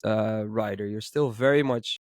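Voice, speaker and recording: A man's voice: on the low side, normal speed, dry recording. A man in his thirties with a slight cold, co-hosting a podcast and chatting loosely with lots of fillers. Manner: relaxed, rambling with many fillers. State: hoarse with a cold. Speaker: podcast co-host, music producer. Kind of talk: casual podcast chat.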